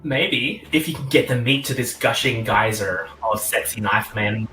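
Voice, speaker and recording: A man narrating a tabletop game as game master, animated and giggly, with many fillers. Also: fairly low pitch, normal speed. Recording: roomy echo with faint music.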